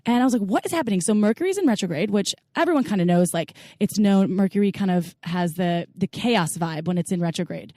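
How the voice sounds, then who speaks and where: A woman's voice: mid-range voice, lively intonation, quick pace, few pauses, mellow, dry recording, clean studio sound. A woman co-hosting a casual podcast, chatty and playful, filling her talk with "like". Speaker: podcast co-host.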